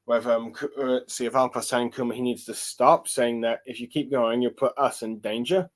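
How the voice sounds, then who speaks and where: Male manga reviewer, mid-pitched, halting and casual, lots of "um"s. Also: fairly even intonation. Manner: hesitant, many fillers and restarts while reading along. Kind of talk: casual solo chapter review.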